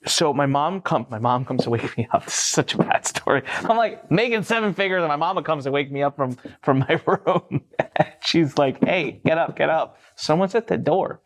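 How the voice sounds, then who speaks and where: A man's voice: on the high side, expressive, moderate pace. A man in his forties, a guest entrepreneur, telling an anecdote casually and animatedly, swearing freely and acting out voices.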